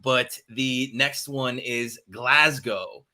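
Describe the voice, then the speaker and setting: A man hosting a casual morning show, upbeat and quick to laugh as he quizzes his co-host. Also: medium pitch, steady tone, a crowd in the background.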